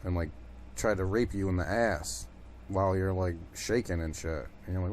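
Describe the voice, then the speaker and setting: A man's voice: low voice, fairly even intonation, normal speed, darkish tone, slight background noise. A man hosting his own podcast in a casual, rambling monologue, swearing often and filling gaps with "you know". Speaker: podcast host.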